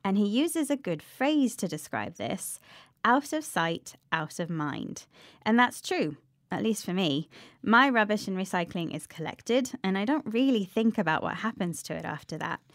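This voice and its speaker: A woman's voice: mid-range voice, animated, moderate pace, dry recording, studio quality. A woman co-hosting a scripted radio English lesson, chatty and explaining words plainly.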